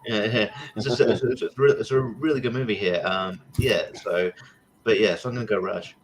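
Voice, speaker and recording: Hesitant low-voiced man discussing films. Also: fairly even intonation, normal speed, low-quality recording. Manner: hesitant, many restarts and fillers. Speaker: podcast panelist. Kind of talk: casual movie chat.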